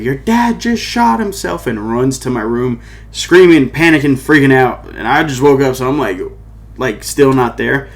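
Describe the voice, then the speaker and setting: Young man telling a rambling personal story. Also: medium pitch. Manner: loose and rambling, peppered with "like" and "you know what I mean". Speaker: podcast host and musician.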